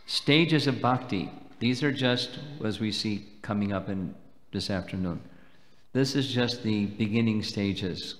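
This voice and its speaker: Low-voiced guy giving a slow careful spiritual talk, lots of hall echo. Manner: measured, explanatory, slow and deliberate. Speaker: swami lecturing at a festival. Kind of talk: devotional lecture with questions. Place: temple hall. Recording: long hall reverb.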